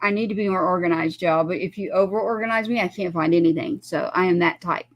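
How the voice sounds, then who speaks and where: Heard through lo-fi sound, a fairly low-pitched woman talks fast as a guest on a talk show. She tells a personal story in casual chat, animatedly voicing the people in it as she quotes them.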